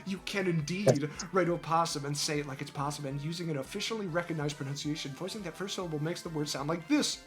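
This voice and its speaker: A streamer reading an article aloud in casual chat, ranting in disbelief with sudden shouts and crude, mocking banter. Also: medium pitch, quick pace, hardly any pauses, faint music behind.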